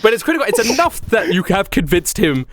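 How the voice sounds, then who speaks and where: Game master guy, super lively up and down voice, laughs a lot, um and uh everywhere. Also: high voice, fast. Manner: animated, laughs often, many fillers. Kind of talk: narrating a tabletop game.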